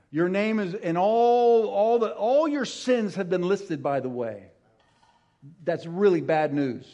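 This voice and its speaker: A middle-aged male pastor preaching a sermon, swinging from soft hushed words to loud emphatic ones. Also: a little high, dull audio.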